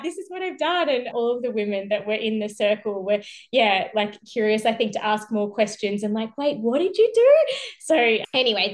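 A woman, a nurse who is a guest on a podcast, telling stories in a lively way, laughing often and acting out quotes. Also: mid-range voice. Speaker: perinatal mental health nurse, guest. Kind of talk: casual conversation.

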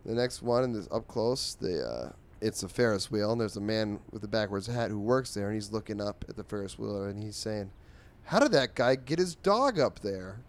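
A man hosting a comics podcast, recapping strips in a sarcastic, weary way with lots of ums and low enthusiasm. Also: fairly quick, few pauses, a little mellow, clear, resonant tone.

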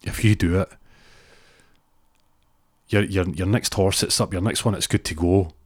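A man's voice: low-pitched, steady tone, measured pace, slightly rough, no echo, clean studio sound. A man with a Scottish accent voicing a flustered, wealthy pig owner who pleads and rambles. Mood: pleading.

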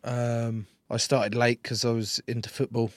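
A man's voice: medium pitch, little pitch movement, a little slow, no echo. Joking, blunt man with a dry sound. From Sussex, England. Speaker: rugby player guest. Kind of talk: casual interview banter.

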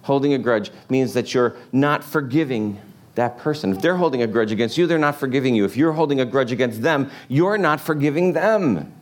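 A man's voice: medium pitch, expressive, a little fast. A man preaching a sermon in a casual, joking way, asking the congregation lots of rhetorical questions. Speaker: pastor.

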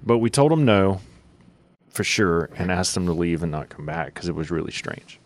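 A man hosting a Catholic talk show, chatting casually and telling stories with quick impressions and frequent laughs. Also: low-pitched, lively intonation. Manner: laughs often, storytelling with quick voiced impressions. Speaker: host.

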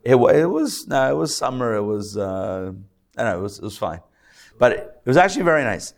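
A rabbi teaching a live class before an audience, chatty with joking asides and many fillers and restarts. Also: male voice, mid-range voice, sing-song, fairly quick, creaky.

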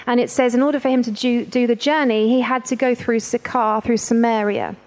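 A woman's voice: on the high side, steady tone, fairly quick, a little mellow. A woman preacher giving a sermon in an emotional, emphatic, conversational way, repeating points for emphasis.

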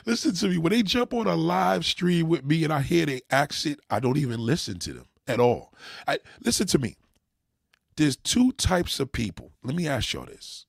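A man's voice: a little high, big pitch swings, normal speed, gravelly, no room sound, studio quality. A man with a New York accent hosting a livestream, talking emphatically and addressing his viewers directly. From New York City. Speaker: livestream host. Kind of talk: opinionated livestream rant.

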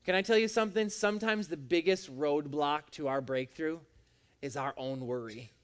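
A man's voice: on the high side, moderate pace. A man preaching a sermon as a pastor, with an emphatic, repetitive cadence.

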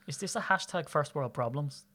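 A man in his thirties from Ireland, co-hosting a podcast in quick, teasing casual chat. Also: fairly high pitch, expressive, pushed and bright. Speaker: podcast co-host.

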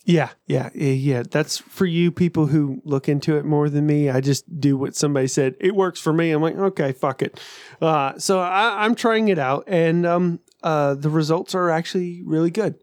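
A man's voice: a little high, normal speed, no room sound, clean studio sound. A man co-hosting a podcast, chatting casually, swearing freely and laughing often. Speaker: podcast co-host. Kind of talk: casual chat.

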